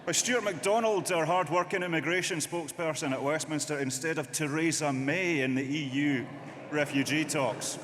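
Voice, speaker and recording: A man's voice: a little high, a bit bright. A man giving an impassioned, rhetorical political speech at a conference, repeating his points for emphasis. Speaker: conference delegate speaker. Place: large conference hall. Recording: long hall reverb, faint noise.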